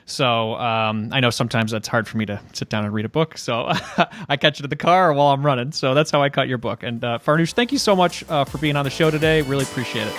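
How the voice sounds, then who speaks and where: A man's voice: medium pitch, fairly even intonation, fast, a bit bright, soft background music. A man hosting a podcast, wrapping up the episode in a chatty, upbeat way and laughing easily while recording on the road. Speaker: podcast host. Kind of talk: casual podcast outro. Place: on the road, traveling.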